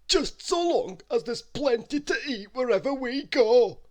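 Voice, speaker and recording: A man's voice: very high voice, lively intonation, unhurried, voice pushed up. A man voicing a greedy, food-obsessed man musing to himself in a storybook reading.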